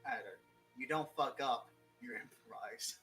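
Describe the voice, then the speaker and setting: Young man, bright voice, rambling casual talk, cussing, faint music in the background. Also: mid-range voice, fairly even intonation, unhurried, poor audio. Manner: rambling, swears freely, jokey. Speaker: guest writer. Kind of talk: casual chat.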